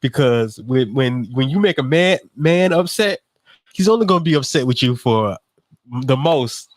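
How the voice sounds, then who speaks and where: A man's voice: mid-range voice, expressive, normal speed, no echo. A man co-hosting a casual podcast chat, making his points emphatically and repeating himself.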